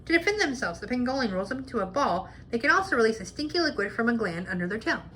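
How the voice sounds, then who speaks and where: A woman reading a children's picture book aloud in a clear, cheerful way, sharing animal facts. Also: fairly high pitch, big pitch swings, fast, pushed and bright, a little hiss or hum.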